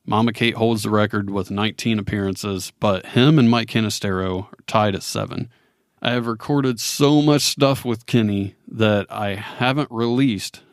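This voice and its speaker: A man's voice: fairly low pitch, dry recording, studio quality. A man hosting a podcast, recapping the year in a friendly, casual way. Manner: friendly, laughs often. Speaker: podcast host.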